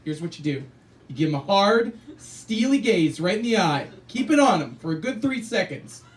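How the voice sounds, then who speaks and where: High-voiced stand-up comic, distant live club. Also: male voice, sing-song, moderate pace. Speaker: stand-up comedian. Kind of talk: stand-up set. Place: small cafe club stage.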